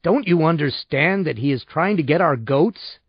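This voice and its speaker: A male narrator playing a controlled, practical lawyer in an audiobook, measured and lawyerly in every sentence. His voice moves lively in pitch. The recording is dry and slightly muffled. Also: creaky, slightly rough, no echo, heavily acted. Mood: cool.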